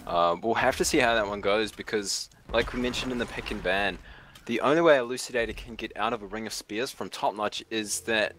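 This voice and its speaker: American male co-caster, lowish voice, relaxed banter and laughter. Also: fairly quick, slight background noise. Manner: laughs often, easygoing banter. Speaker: esports co-caster. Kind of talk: esports commentary.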